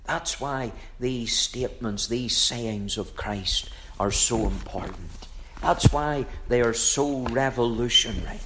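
Slow, low-voiced male preacher. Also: a bit bright. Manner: measured, emphatic preaching with repeated phrases. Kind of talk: sermon.

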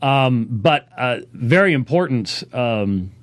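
A man teaching on a Bible passage in a casual, halting way, full of fillers and restarts. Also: mid-range voice, expressive. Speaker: pastor.

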